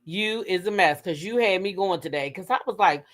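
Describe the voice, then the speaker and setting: A livestream host runs a casual gossip stream, talking with her chat, swearing freely, and letting out high shrieks as she retells her reactions. She speaks a little fast, with hardly any pauses.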